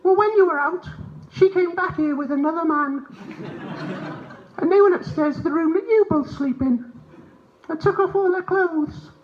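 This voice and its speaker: A man's voice: very high voice, moderate pace, voice pushed up. A man voicing a gossiping male house cat that slyly tells tales in a confiding way, in a dull live recording with faint room ambience. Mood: tattling. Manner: sly, confiding tattletale.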